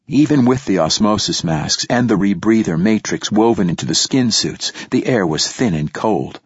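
A man narrating a story in the first person, in a steady, measured way. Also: on the low side, breathy edge, no room sound. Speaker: audiobook narrator. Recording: dull lo-fi dry recording.

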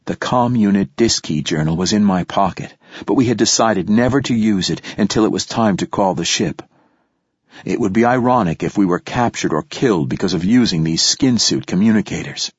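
A man narrating a story in the first person, in a steady, measured way. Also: lowish voice, breathy edge, no echo. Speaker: audiobook narrator. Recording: dull lo-fi dry recording.

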